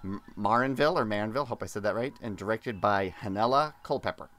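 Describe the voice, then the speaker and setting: A man's voice: fairly low pitch, fast, a bit bright. A man hosting a casual podcast chat, upbeat and leading the discussion. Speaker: podcast host.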